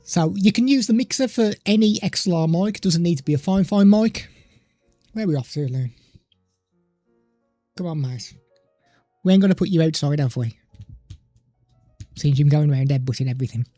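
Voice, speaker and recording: A man hosting a relaxed tech livestream from his home desk. His voice is mellow and warm, sitting close and dry on a studio mic, with faint music underneath. He rambles easily and breaks off to talk to his pet. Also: on the high side, moderate pace, pauses often, no echo. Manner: chatty, loose, stops to talk to his pet. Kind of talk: casual live product demo. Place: home desk streaming setup. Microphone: studio microphone through a mixer at a desk.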